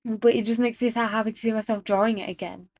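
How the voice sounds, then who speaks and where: A woman chatting excitedly in a casual voiceover about her own animation, self-deprecating and talking straight to her viewers. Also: fairly high pitch, fast talker, no room sound. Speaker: animator narrating her work. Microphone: home voiceover mic.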